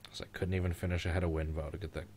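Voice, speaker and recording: A young man streaming a live race reaction, chatting casually with a friend and joking, getting loud when the race heats up. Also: deep voice, racing, a little hiss or hum. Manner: joking, gets loud and excited at race moments.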